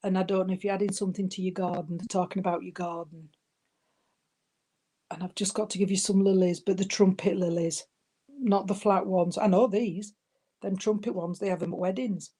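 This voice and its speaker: A woman's voice: mid-range voice, fairly even intonation, fairly quick, husky. A woman medium passing on spirit messages at a service, calling people love and sweetheart. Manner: warm terms of endearment, giving messages. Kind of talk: spiritualist demonstration.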